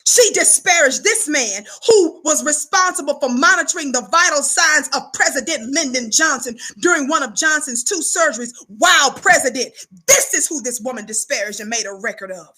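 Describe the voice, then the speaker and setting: A woman speaks in a high, bright, forceful voice. She delivers impassioned commentary like a preacher, indignant and calling on her listeners to answer back. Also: animated, normal speed, few pauses. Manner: preachy, indignant, call-and-response.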